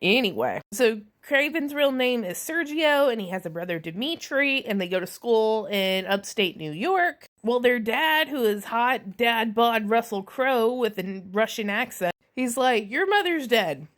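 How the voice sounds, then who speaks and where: Woman doing a snarky movie recap, kinda high voice, swears a lot, rambles into side comments. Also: lively intonation, measured pace, few pauses, fairly bright tone. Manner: chatty and sarcastic, with frequent swearing and asides. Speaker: movie reviewer. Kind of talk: casual spoiler movie recap.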